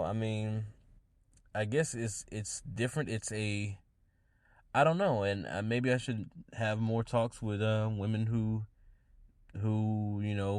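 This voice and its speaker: This is a male podcast host talking casually by himself about what he thinks. The voice is lowish with a darkish tone and no room sound, and his delivery is hesitant and musing, with frequent restarts mid-phrase.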